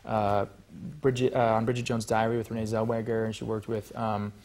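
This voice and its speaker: Fast-talking, animated man. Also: on the low side. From United States. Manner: animated, joking, self-mocking. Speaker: actor, talk show guest. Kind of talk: talk show interview.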